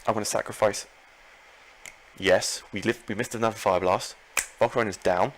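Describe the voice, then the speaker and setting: A man commenting live on his own Pokémon battle, excitable, talking to himself and his opponent and repeating phrases. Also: lowish voice, brisk, a little hiss or hum, rough recording. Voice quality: gravelly.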